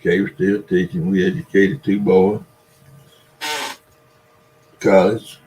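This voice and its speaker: A man's voice: low-pitched, little pitch movement, takes it slowly, mellow, slight background noise, rough recording. An older man with a Southern US accent, rambling through folksy stories in a casual livestream and chatting with his viewers. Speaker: livestream host. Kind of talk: casual livestream chat, reading viewer comments.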